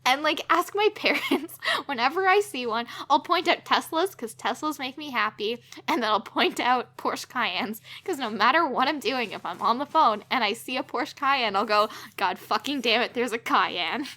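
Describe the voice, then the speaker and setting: Young woman podcast co-host, high and lively, with a sweary, laughing comic rant. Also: normal speed, few pauses.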